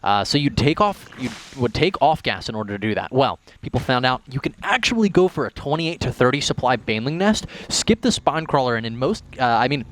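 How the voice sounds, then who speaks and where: A man's voice: mid-range voice, sing-song, fairly quick, hardly any pauses, fairly bright tone, a little hiss or hum. A man giving color commentary on an esports match, analytical with playful banter. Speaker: esports co-caster.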